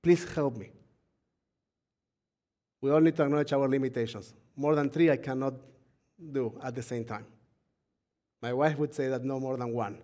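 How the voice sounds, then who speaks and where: A man leading a Shabbat service who preaches in a chatty way, laughing often, asking the congregation and crew for attention, and reading scripture slowly. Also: medium pitch, mellow. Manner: reads scripture slowly and deliberately. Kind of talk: live-streamed sermon and Torah teaching.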